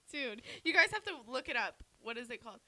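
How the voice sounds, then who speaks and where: Giggly high-voiced young woman co-host. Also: very animated, moderate pace. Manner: giggly, loud, swears freely. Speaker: podcast co-host. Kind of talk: casual chat.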